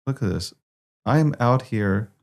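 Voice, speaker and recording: A man's voice: mid-range voice, lively intonation, unhurried. A man hosting a casual livestream news show, talking to himself and swearing when things go wrong. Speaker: host.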